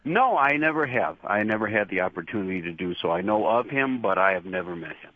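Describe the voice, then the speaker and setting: A middle-aged man, a horror show host giving relaxed, chatty interview answers and laughing easily. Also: lowish voice, fast, dry recording. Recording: dull lo-fi dry line.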